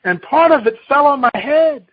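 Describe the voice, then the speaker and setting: A man voicing a frantic little chick in a children's story, shrill and breathless with alarm. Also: lively intonation, moderate pace. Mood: panicked. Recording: dull lo-fi recording.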